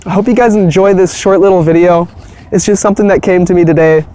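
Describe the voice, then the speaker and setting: A spiritual vlogger talks casually to camera about spirituality in a high, dark-toned voice, a little slow and pausing often. He sounds earnest, soothing and reassuring, often repeating himself and checking in with "okay?".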